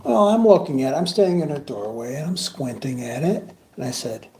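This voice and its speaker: A man's voice: medium pitch, expressive, a little fast, crowd noise. A man telling laughing, jokey stories about a coworker at a funeral service. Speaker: coworker giving a eulogy. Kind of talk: storytelling eulogy at a funeral. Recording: roomy hall with clear background noise.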